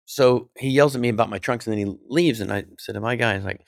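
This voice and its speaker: A man, a guest comedian, telling a story in a podcast interview, animated and acting out the voices of people he quotes. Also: mid-range voice, fast, creaky, dry recording, studio quality.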